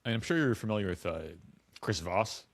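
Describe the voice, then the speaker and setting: A man with a very low voice hosts a casual podcast chat, hedging his phrasing and using lots of fillers. The sound is dry and close. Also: lively intonation, brisk, no echo. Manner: hesitant, many fillers like "like" and "kinda". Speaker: podcast host.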